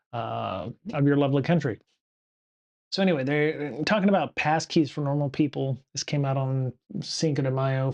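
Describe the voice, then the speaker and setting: Rambling middle-aged male streamer. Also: medium pitch. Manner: rambling, many fillers and self-corrections. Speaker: podcast host streaming solo. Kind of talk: casual live-stream commentary.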